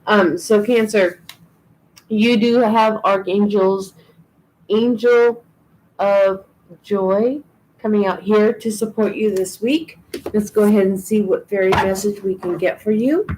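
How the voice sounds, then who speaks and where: A woman's voice: mid-range voice, slow, a little mellow, slight background noise, low-quality recording. A woman giving a live tarot and oracle card reading, chatty and reassuring, with frequent ums and restarts. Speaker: tarot reader.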